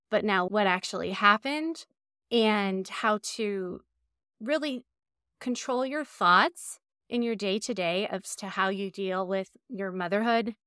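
A woman from Ohio talks through her coaching advice in an earnest, reflective way. Her voice sits in a middle pitch. It sounds dry and close, with no room around it. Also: a bit bright, smooth, dry recording. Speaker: guest, coach. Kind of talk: conversational interview advice.

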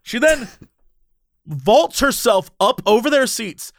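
A man's voice: extremely high pitch, slow pace, dry recording, clean studio sound. A man animatedly telling a funny anecdote, acting out the people in it. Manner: lively, acts out the people in his story. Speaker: storyteller on a podcast.

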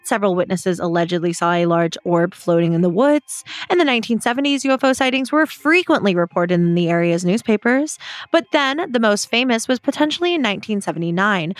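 Young woman, podcast co-host, enthusiastic storyteller, casual chat, middle pitch, dry close recording. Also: dry recording. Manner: earnest, enthusiastic, leads the topic.

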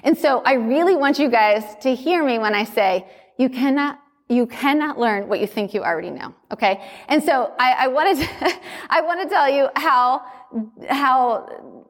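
Chatty coach on a stage with hall echo. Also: female voice, high-pitched, moderate pace. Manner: chatty, animated, acts out quoted dialogue. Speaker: summit host and business coach. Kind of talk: energetic conference talk. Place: large conference room. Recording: long hall reverb.

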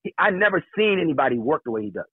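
A man, an actor and guest, joking and telling animated stories in a casual interview. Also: fairly high pitch, very fast, slightly rough, dry recording. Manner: animated, joking, laughs often. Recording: phone-line sound.

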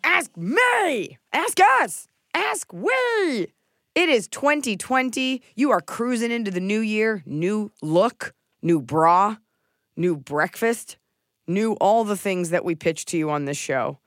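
A woman's voice: mid-range voice, measured pace, no room sound, studio quality. A woman hosting a comedic podcast, chatting in a playful, jokey, rambling way. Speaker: podcast host. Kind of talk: casual comedic podcast chat.

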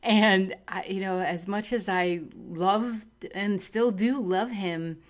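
A woman's voice: medium pitch, slow pace. A middle-aged woman giving a reflective spiritual talk, earnest and open, laughing easily and leaning hard on key words. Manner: earnest and warm, laughs easily, lively emphasis. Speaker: spiritual speaker.

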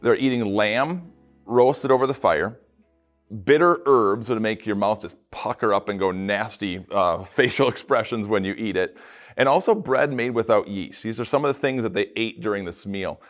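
A man, a pastor, giving a casual devotional talk with animated storytelling and playful asides. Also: on the low side, normal speed, faint music behind.

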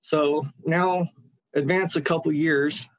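A man on the line tells a personal story, his voice sitting fairly high for a man. He talks earnestly, stopping and restarting his sentences as he goes. The sound is dry and close, with no room around it. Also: fairly even intonation, slow, no echo, rough recording. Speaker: caller. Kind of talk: personal story told to a radio host.

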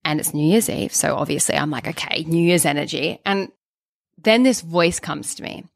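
A woman, a podcast co-host telling her story in an animated, fast way with many restarts. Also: sits low, creaky, no room sound, clean studio sound.

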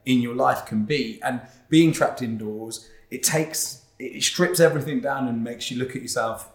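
A man's voice: medium pitch, normal speed, husky. A man hosting a podcast, chatty and joking with lots of fillers. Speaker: podcast host. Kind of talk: casual podcast chat.

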